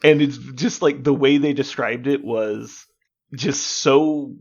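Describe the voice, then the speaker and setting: A man's voice: mid-range voice, slow pace, gravelly, a little mellow, muffled recording. A man co-hosting a podcast in casual gaming chat, explaining at length, swearing and laughing as he talks. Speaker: podcast co-host.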